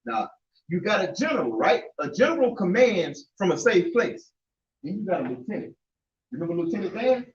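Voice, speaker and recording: A man in a religious group discussion who talks emphatically, swears for emphasis and rises to near shouts. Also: high-pitched, very animated, brisk, slight background noise. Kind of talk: animated group talk on scripture. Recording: far, echoey, dull-sounding room mic.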